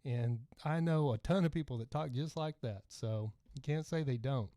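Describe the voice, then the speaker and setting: A middle-aged man with a soft Texan twang hosts a casual livestream podcast, rambling along and reading out comments from viewers. His voice is mellow and dark. The sound is dry and close, with no room echo. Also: on the high side, moderate pace. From Texas. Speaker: podcast host.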